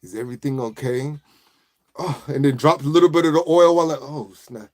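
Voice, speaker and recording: A man voicing a smooth, deep-voiced seducer in a slow, low croon. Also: a little mellow, lightly acted. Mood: seductive.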